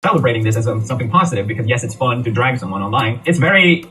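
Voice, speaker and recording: Fast, blunt male commentator heard from a distance over clear background music. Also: medium pitch, expressive, bright, forceful tone. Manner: blunt, critical, opinionated. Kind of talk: casual reaction commentary. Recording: distant mic with music behind.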